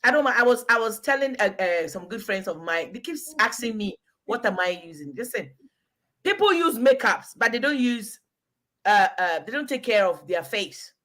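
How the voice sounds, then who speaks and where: Bright-voiced chatty woman. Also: medium pitch, lively intonation, normal speed. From Ghana. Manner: chatty, emphatic, keeps calling out a listener by name. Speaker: vlogger giving relationship advice. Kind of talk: casual chat.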